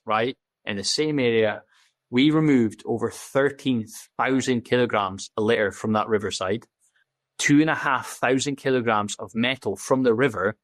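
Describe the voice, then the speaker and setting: A man's voice: mid-range voice, a bit bright, no echo. Blunt, swearing man telling stories. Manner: blunt and profane, acts out quoted dialogue. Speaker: podcast guest, safety officer. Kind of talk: candid casual storytelling.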